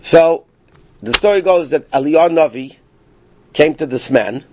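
A man's voice: on the high side, lively intonation, measured pace, slight background noise. Man with a raised voice, dull lo-fi sound. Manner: casual, rambling, self-interrupting. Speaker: Torah class teacher. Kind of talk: informal storytelling lesson. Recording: dull lo-fi dry recording.

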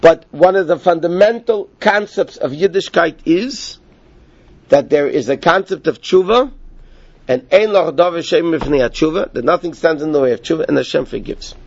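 A man teaching Talmud in a conversation, animated, acting out the voices of the people he quotes. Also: on the high side, moderate pace, breathy edge. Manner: animated, acts out quoted speakers. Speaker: Torah teacher. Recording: dull lo-fi recording.

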